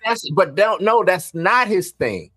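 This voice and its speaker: High-voiced man chiming in casually. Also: a little slow, no echo, studio quality. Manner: relaxed, chimes in with short agreements. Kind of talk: casual movie review chat.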